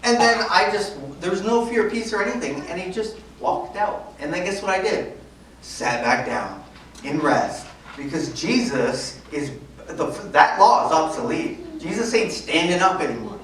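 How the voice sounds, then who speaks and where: A woman telling a story in a sermon, acting out the dialogue in a lively, conversational way. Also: on the low side, normal speed. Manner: animated, conversational, acts out dialogue. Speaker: preacher. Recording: echoey hall from far off, noisy.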